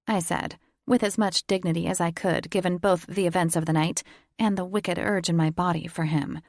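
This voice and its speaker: Woman narrating a romance audiobook, gravelly. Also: fairly low pitch, steady tone, moderate pace, darkish tone, no echo, clean studio sound. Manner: intimate, teasing first-person reading.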